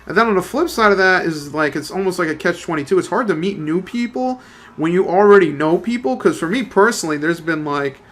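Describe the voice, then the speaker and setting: A man's voice: high voice, expressive, a little fast, a bit bright. A young man in his twenties chatting casually, telling a rambling, profane story full of slang and fillers. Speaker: let's play commentator.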